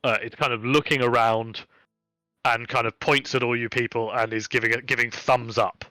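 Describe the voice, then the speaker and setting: A man's voice: mid-range voice, little pitch movement, normal speed, pushed and bright, dry recording, faint music behind. A man narrating a tabletop game as game master, casual and full of fillers.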